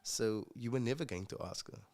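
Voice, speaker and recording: A man from Africa, a podcast guest telling his story in a casual, reflective way, pausing with fillers and restarts. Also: medium pitch, darkish tone. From South Africa.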